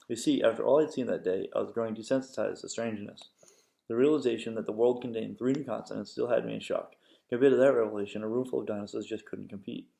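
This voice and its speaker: A father reading a novel aloud to his children, steady with occasional slips and self-corrections. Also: on the low side, gravelly.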